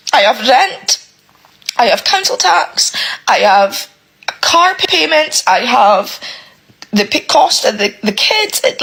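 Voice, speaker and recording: A woman's voice: sits high, fairly bright tone, rough recording. A woman, a single parent, ranting emotionally to camera, close to tears and swearing often. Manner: swears heavily, repeats herself, exasperated. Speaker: single parent sharing her struggles. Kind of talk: emotional personal rant to camera.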